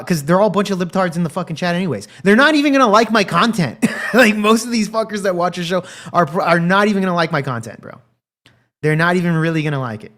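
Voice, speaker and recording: A man's voice: fairly high pitch, a bit bright. A man hosting a livestream, chatting casually in a crude, profane, rambling way and talking straight to his live chat. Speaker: livestream commentary host.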